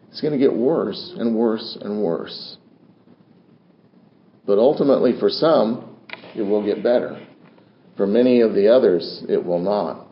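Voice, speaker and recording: An older man preaching a sermon from the pulpit with dramatic, swinging delivery and repeated phrases. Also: mid-range voice. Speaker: pastor. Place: church sanctuary. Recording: roomy dull church recording.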